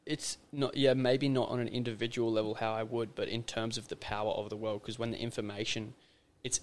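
A young man, a podcast guest chatting casually and telling stories in a loose, rambling way. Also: mid-range voice. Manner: rambling, loose storytelling with many fillers. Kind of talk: casual conversation.

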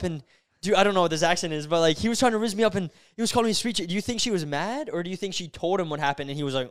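A young podcast co-host who keeps up joking, teasing banter. His voice is high and clean. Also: lively intonation, very fast. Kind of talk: casual podcast chat.

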